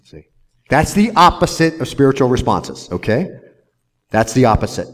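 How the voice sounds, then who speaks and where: A man's voice: mid-range voice, sing-song, moderate pace. A man pastor preaching a verse-by-verse sermon in an earnest manner, often tagging "see?" onto his points.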